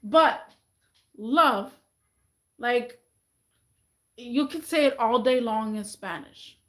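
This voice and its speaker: A woman vlogging in a casual, rambling monologue, chatty and animated, often mimicking other people's voices. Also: fairly high pitch, very slow, echoey room, low-quality recording.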